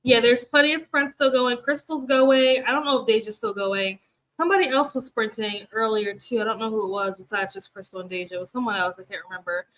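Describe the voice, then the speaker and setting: A booktube host, young and tired, makes casual rambling conversation with her reading-sprint livestream audience, full of fillers and frequent laughs. Her pitch is fairly high, her tone steady and fairly bright, and her pace fairly quick. The recording is rough.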